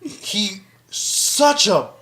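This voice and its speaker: A woman's voice: mid-range voice, sing-song, extremely slow, a bit bright. A woman co-hosting a casual podcast, ranting with lots of swearing and acting out characters. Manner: profane, ranting, acts out characters. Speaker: podcast co-host.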